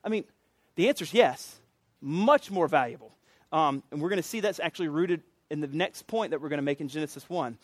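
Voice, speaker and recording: Pastor, male, relaxed conversational sermon delivery with light humor; higher-pitched voice. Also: a little fast, no room sound. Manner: casual, jokey conversational preaching.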